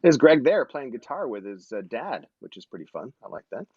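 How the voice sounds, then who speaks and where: A man's voice: medium pitch, very animated, fairly quick, darkish tone, breathy edge, dry recording, dull audio. A man in his forties hosting a casual live-stream chat, rambling and joking, often correcting himself mid-sentence. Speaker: host.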